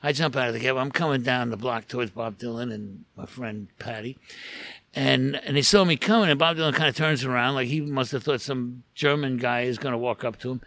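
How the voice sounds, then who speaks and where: A man's voice: medium pitch, fairly quick, creaky, a bit bright. A man, a photographer, telling a long anecdote in casual conversation, full of restarts and asides. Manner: rambling storyteller with frequent restarts and asides. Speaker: guest photographer.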